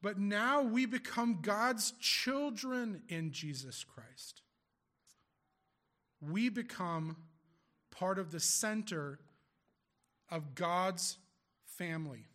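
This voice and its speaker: A man's voice: high-pitched, expressive, very slow, long pauses, sharp tone. A man preaching a sermon as a pastor, explaining scripture in a conversational way with rhetorical questions to the congregation.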